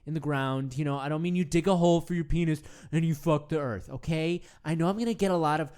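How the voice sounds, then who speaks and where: Quick-paced and low-pitched, with a slightly mellow, lightly acted voice, a woman plays host. Her improvised comedy monologue casts her as a sincere, rambling male self-help guru running a meditation show, stammering into frequent restarts.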